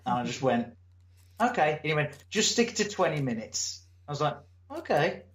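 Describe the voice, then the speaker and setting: A man, a wrestler telling stories in a casual interview, animated and acting out voices, swearing now and then. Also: fairly high pitch, a little fast. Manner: animated storyteller, acts out crowd and promoter. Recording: echoey room, muffled lo-fi sound.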